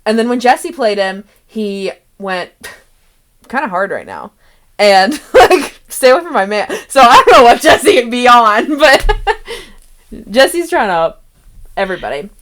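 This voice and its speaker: A woman's voice: a little high, big pitch swings, unhurried, pauses often, a bit bright. Giggly, rambling young woman game master. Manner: rambling, giggly, laughs often between thoughts. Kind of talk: casual chat about a tabletop campaign.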